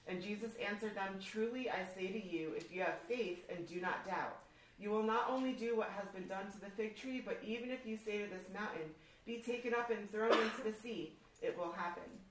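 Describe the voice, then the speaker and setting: A woman reading scripture aloud in a steady, measured way at a group breakfast. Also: medium pitch. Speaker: scripture reader. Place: large room at a church breakfast. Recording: echoey room from far off, faint background noise.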